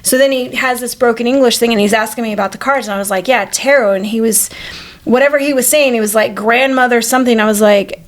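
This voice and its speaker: A woman in her forties co-hosting a podcast, telling a story in a casual, animated and profane way. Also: a little high. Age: 40s. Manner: animated, profane, acts out quoted voices. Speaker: podcast co-host.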